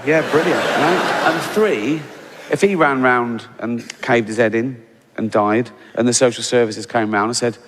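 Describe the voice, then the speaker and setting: A man's voice: mid-range voice, a little slow, big-room sound. A man doing a stand-up routine, sarcastic and profane, with mock exasperation. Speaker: stand-up comedian. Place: live comedy stage. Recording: live stage recording with loud background noise.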